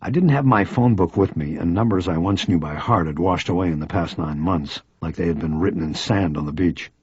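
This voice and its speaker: A man's voice: sits low, a little mellow, husky, no room sound. A man narrating a crime novel in the first person, in a terse, brooding way. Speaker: audiobook narrator. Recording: dry, slightly dull audiobook recording.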